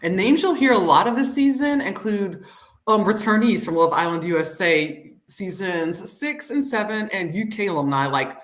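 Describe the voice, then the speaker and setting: A woman's voice: mid-range voice, moderate pace. Giggly woman cohost chatting, voice jumps up and down a lot, echoey room. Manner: giggly, animated storytelling. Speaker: podcast co-host. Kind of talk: casual chat. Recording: roomy echo.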